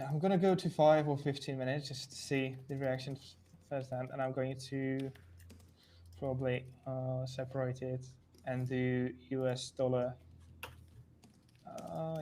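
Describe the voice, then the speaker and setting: Man, mid-pitched voice, casual market talk, repeats himself, loose grammar. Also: darkish tone, a little hiss or hum. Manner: loose grammar, repeats words, frequent restarts. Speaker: trading analyst co-host. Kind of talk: casual live-stream chat.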